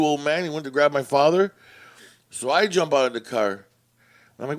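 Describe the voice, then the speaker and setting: A young man hosts a podcast, telling stories casually with lots of swearing and animatedly acting out what people said. His voice is a little high and a little fast, and he pauses often.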